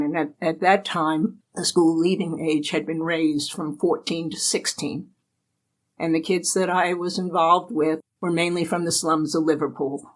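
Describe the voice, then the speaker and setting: An older woman from the United States speaks as an interview guest, sharing anecdotes from her life. Her talk is chatty and relaxed, often broken by easy laughter. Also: on the low side, rough recording. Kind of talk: casual storytelling interview.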